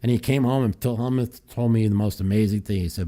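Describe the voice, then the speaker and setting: A man's voice: fairly low pitch, fairly quick, few pauses, mellow. A man hosting a casual call-in podcast, talking in a profane, heated, rambling way and often restarting his sentences. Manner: restarts and repeats himself. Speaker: podcast host. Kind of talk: casual call-in chat and rant.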